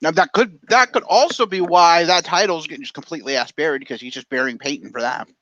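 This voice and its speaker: A man co-hosting a casual podcast, throwing in quick, opinionated asides. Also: a little high, a bit bright, no room sound, lo-fi sound. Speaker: podcast co-host. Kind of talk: casual chat.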